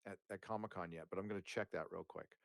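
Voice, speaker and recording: A man's voice: sits low, steady tone, quick pace, creaky, fairly bright tone, dry recording. A man hosting a live stream, chatting casually and jokily with viewers and a guest, rambling and swearing a lot. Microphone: headphones and desk mic.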